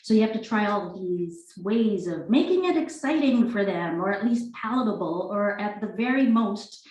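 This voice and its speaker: A woman reading the part of a weary, tearful mother, halting and apologetic, in an echoey room at a live reading. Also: mid-range voice, expressive, darkish tone, distant mic, lightly acted. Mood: weary rambling. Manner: halting, apologetic, breathy sighs. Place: live reading event indoors.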